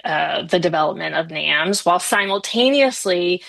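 A woman's voice: on the low side, expressive, moderate pace, gravelly, fairly bright tone, dry recording. A woman guest in a radio interview, speaking with many fillers and restarts. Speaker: guest from an advocacy group.

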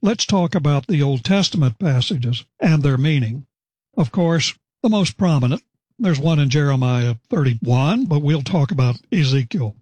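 A man preaching verse by verse, explaining scripture in a measured, deliberate way with pauses. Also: a little high, expressive, a little mellow, husky, no room sound. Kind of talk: verse-by-verse Bible teaching.

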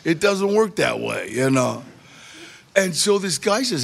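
A man in middle age telling a personal story in a casual, animated way, acting out the voices of people he quotes. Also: a little high, a little slow, gravelly. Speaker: guest storyteller.

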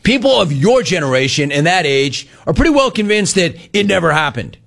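A man's voice: a little high, sing-song, brisk, gravelly, a bit bright. A middle-aged man hosting a sports talk radio show, riffing sarcastically on callers and the news.

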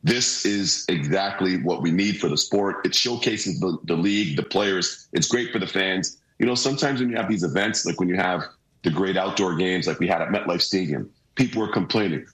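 Hoarse low-voiced man on a roomy remote feed. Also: moderate pace. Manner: energetic, repeats phrases for emphasis. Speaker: guest hockey analyst. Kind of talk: casual sports talk. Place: remote room, joining by video. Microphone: video call.

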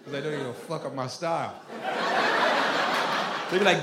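A man from Nigeria doing stand-up comedy on a club stage with a stage mic. He is animated and profane, and he keeps slipping into characters. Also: on the high side, moderate pace, pauses often, background noise. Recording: echoey club, crowd laughter. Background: audience laughter.

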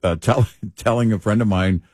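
A man co-hosting a talk show, speaking in a measured, deliberate way with hesitant restarts. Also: on the low side, a little mellow, no echo. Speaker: co-host. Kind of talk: opinionated talk-show banter.

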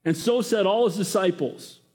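A man preaching a sermon as pastor, lively and talking straight to the congregation with questions. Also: sits high, moderate pace.

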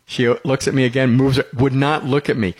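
A man's voice: medium pitch, flat delivery, quick pace, darkish tone, husky. A middle-aged man hosting a radio talk show, telling rambling stories in casual conversation and chuckling often.

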